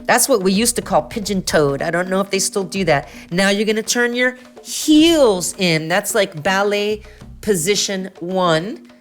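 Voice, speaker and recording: A middle-aged woman leads kids through a stretching warm-up, guiding each move step by step. Her voice is of ordinary pitch and she praises often in a playful, encouraging way. Faint music plays behind her. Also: animated, a little slow. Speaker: children's music and movement teacher. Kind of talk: guided stretching instruction for kids.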